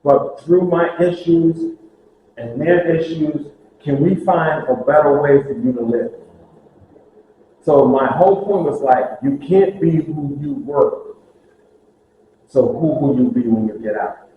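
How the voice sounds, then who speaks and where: A man telling lively stories about prison ministry to a group, acting out the voices of the people in them. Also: a little high, unhurried, long pauses, phone-quality sound. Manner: animated, acts out dialogue, laughs at own stories. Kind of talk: storytelling talk to a group. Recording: very echoey room with faint hiss.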